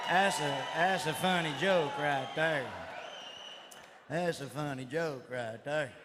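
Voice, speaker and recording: Brief: a male stand-up comic, high for a man, loud and rowdy, with crowd laughter roaring over a noisy live recording. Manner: loud, rowdy redneck delivery with catchphrases. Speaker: stand-up comedian. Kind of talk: stand-up comedy routine. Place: comedy stage before a live audience. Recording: live show with loud audience laughter and noise.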